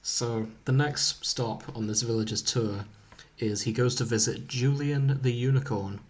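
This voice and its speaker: A man hosts a casual comedic podcast and retells a silly story in a playful, deadpan way. His pitch sits in the ordinary middle range. He chats easily with friends. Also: a little slow. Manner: playful storytelling, dry jokes. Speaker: podcast co-host reading a fan story.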